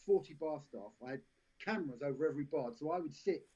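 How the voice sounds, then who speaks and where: A man's voice: fairly high pitch, lively intonation, fast talker, dark tone, breathy edge. A man, an actor and podcast guest, telling long rambling anecdotes with restarts and laughs. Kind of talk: casual storytelling interview. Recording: lo-fi live stream audio.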